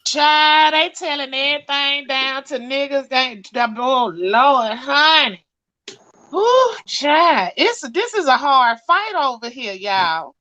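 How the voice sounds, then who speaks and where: A woman's voice: high-pitched, expressive, slow, bright, forceful tone. A woman in a casual gossip chat, drawling and calling people child and honey. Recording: dull lo-fi sound.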